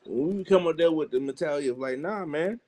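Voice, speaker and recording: Southern man, young, podcast guest, lively yarn-spinner, slightly high voice. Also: fast. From Southern United States. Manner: animated, laughing storyteller with quoted voices. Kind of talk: casual storytelling.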